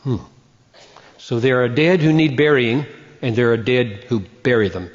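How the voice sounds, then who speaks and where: A man preaching a sermon, slowing down and repeating phrases for emphasis. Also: medium pitch. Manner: emphatic, slows down and repeats for stress. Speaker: pastor. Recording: muffled sound in a reverberant hall.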